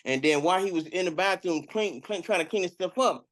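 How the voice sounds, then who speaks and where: A man's voice: high voice, a little fast, a bit bright. Rambling man spinning an improvised tale. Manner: rambling, keeps adding "you know what I'm saying". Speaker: storyteller. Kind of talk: improvised storytelling.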